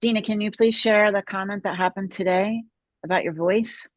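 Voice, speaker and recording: Woman, husky voice, dry sound, enthusiastic, laughs a lot. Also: medium pitch, fairly even intonation, moderate pace, no room sound. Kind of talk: casual chat.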